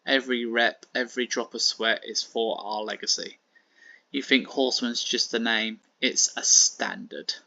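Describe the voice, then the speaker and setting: A man's voice: mid-range voice, fairly even intonation, measured pace, vocal fry, pushed and bright, no room sound, lo-fi sound, heavily acted. A man reading a stern, barking wrestling coach. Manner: barks instructions.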